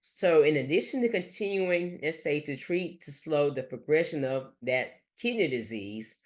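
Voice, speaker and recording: A nurse educator giving a recorded lecture over slides, speaking haltingly and leaning on fillers and restarts. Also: medium pitch. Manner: halting, with frequent fillers like "let's say" and "gonna".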